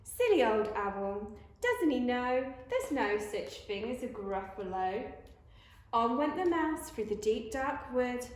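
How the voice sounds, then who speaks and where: A primary school teacher reads a children's picture book aloud, taking her time with each line. Her voice sits fairly high and the room is echoey around her. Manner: slow, expressive read-aloud.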